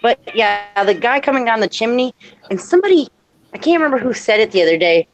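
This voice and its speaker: A woman's voice: on the high side, expressive, quick pace, a little hiss or hum, low-quality recording. A woman chatting casually on a live stream, talkative and self-deprecating, often getting tangled in what she is saying. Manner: chatty, self-deprecating, tumbling over her words.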